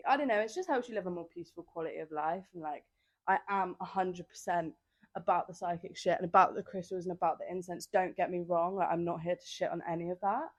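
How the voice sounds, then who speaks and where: Young woman, casual solo podcaster, rambly and sassy, lowish voice, dry close sound. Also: no echo. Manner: chatty, rambling, filler-heavy, sassy asides. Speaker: podcast host. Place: outdoors on holiday by the sea. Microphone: handheld microphone.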